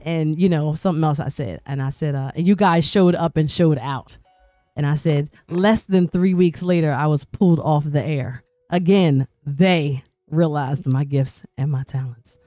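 A woman's voice: low-pitched, moderate pace, dark tone, no echo. Chatty woman radio host, dry sound. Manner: talkative, repeats words and restarts, acts out quoted voices. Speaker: radio personality and guest host. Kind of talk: casual podcast chat, telling a personal story.

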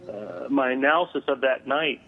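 A man, a guest on an interview, telling a story over the phone, halting with many filler sounds. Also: mid-range voice. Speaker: guest paranormal investigator. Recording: tinny phone line.

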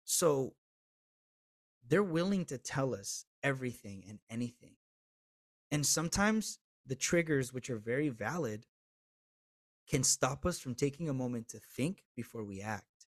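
A man in his thirties, a podcast guest telling a candid personal story with swearing, swinging between loud and hushed. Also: medium pitch, animated, measured pace, long pauses, no room sound.

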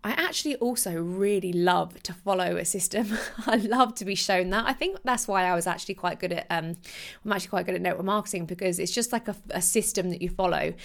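A woman's voice: lowish voice, a little fast, vocal fry. A young woman hosting her podcast, chatting casually and animatedly with restarts and laughs. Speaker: podcast host. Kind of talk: casual solo podcast talk.

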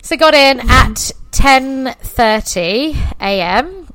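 A woman in her thirties, a podcast guest candidly telling her birth stories in a chatty, expressive way. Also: high voice, very slow, dry recording. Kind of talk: casual birth story telling.

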